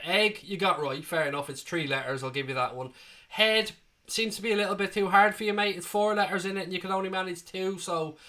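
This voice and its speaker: A man's voice: on the high side, bright, forceful tone. A man in his twenties hosting a live football watchalong, reading viewer comments aloud with blunt, sweary banter. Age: 20s.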